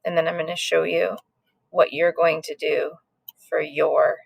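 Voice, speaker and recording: A woman's voice: low voice, little pitch movement, measured pace, creaky, husky, no room sound. A woman teaching a recorded phonics lesson to second graders, sounding out letters patiently.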